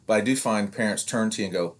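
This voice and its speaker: Talking fast in a fairly low voice, this man in his fifties coaches youth sports and co-hosts a podcast. His chat is casual and rambling, full of restarts and acted-out quotes from parents.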